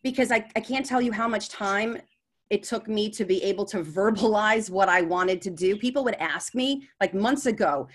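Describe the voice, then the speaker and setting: A woman's voice: mid-range voice, normal speed. Earnest New York woman giving advice. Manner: earnest, repeats words when searching for phrasing. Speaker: podcast guest, sales coach. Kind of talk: candid interview conversation.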